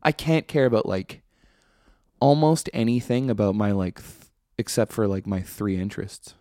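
A man's voice: fairly low pitch, expressive, moderate pace, dark tone, dry recording, clean studio sound. A man hosting a podcast, delivering a casual comedic monologue in a sardonic, ranting, profane way. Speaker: podcast host.

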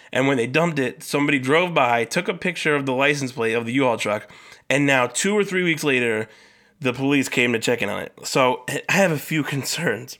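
A young man hosting his own podcast, telling a story in a casual, animated way, swearing freely and acting out the people he talks about. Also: mid-range voice. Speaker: podcast host.

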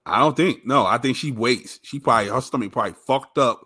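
A man's voice: mid-range voice, brisk, sharp tone, slightly rough. A man co-hosting a podcast in casual chat, laid-back and teasing, happy to play devil's advocate. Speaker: podcast co-host.

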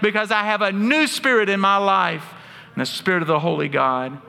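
This preacher's bright, somewhat high voice has a forceful edge and some vocal fry, and he talks a little fast. He delivers his sermon through earnest storytelling sprinkled with dry jokes, each line trailing off in a long hall echo.

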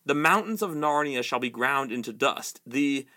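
A man's voice: medium pitch, animated, normal speed, bright, forceful tone. A man voicing an arrogant, furious young prince who shrieks and rants while reading a novel aloud. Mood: raging. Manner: shrieking, ranting.

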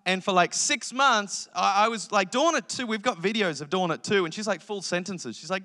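A man in his thirties preaches with bright, forceful energy, his voice sitting a little high. He jokes through family stories and acts out quick impressions. The sound rings with the long reverb of a large church hall. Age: 30s. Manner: energetic, joking storytelling with animated impressions. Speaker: pastor. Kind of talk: sermon.

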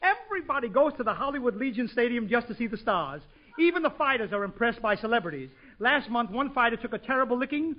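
A comedian hosting a 1940s radio comedy show, rattling off jokes with bursts of excitement. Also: male voice, very high voice. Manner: rapid joke delivery with bursts of excitement. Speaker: comedian host. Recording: dull old radio broadcast recording.

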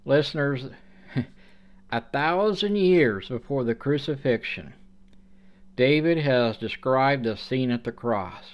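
A man preaching a sermon, reading scripture aloud and explaining it with slow, deliberate emphasis. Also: mid-range voice, animated.

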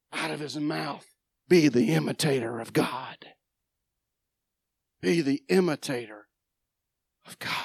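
A woman preacher, giving a dramatic sermon, moving from loud proclaiming to quiet asides. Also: deep voice, dry recording, studio quality. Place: church sanctuary.

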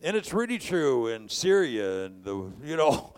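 A man's voice: medium pitch, big pitch swings, measured pace, hardly any pauses, darkish tone, clean tone. Impassioned male preacher. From California. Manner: preaching with rising bursts of volume; conversational storytelling. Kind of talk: sermon.

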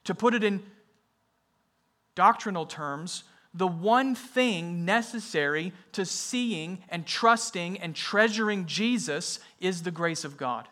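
A man's voice: high-pitched, slow, bright, forceful tone. A man preaching a sermon in an emphatic way, often repeating his key phrases for weight. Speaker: pastor.

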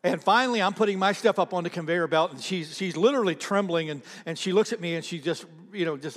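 A man's voice: high-pitched, animated, quick pace, hardly any pauses, fairly bright tone, big-room sound. A man preaching a sermon as a pastor, telling a story conversationally and repeating phrases for emphasis.

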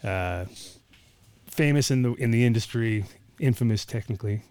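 A man hosting a casual studio talk show, telling a long story in a rambling, animated way with plenty of swearing and acted-out quotes. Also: medium pitch, moderate pace, clean tone. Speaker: podcast host.

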